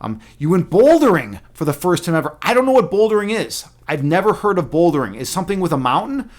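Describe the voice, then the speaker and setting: A man's voice: sits high, sing-song, fast. A young man streaming live, rambling casually with lots of fillers and swearing.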